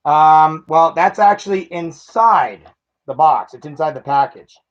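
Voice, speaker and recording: A man's voice: a little high, unhurried, muffled recording. A man chatting casually while unboxing a collectible toy car, self-mocking and laughing at himself.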